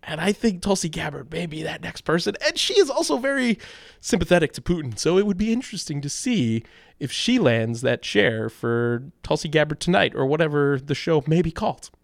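A man's voice: a little high, very animated, fairly quick, gravelly, no room sound, studio quality. A man hosting a call-in talk radio show, talking through his opinions and taking calls in a conversational way.

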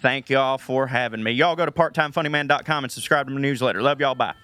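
A man with a Southern US accent, a comedian guest telling animated, laughing stories in a casual radio interview. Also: mid-range voice, quick pace, clear, resonant tone, no echo. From Tennessee.

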